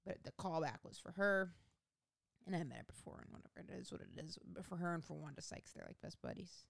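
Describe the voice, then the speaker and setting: Gravelly low-voiced woman comedian. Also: expressive, a little fast, dry recording, clean studio sound. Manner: rambling, profane, self-mocking. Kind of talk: casual storytelling monologue.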